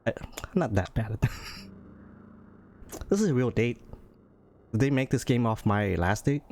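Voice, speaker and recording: A man's voice: mid-range voice, animated, measured pace, a little mellow. Wry man streaming a text game. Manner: amused, wry and chuckling. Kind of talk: live game playthrough, reading aloud.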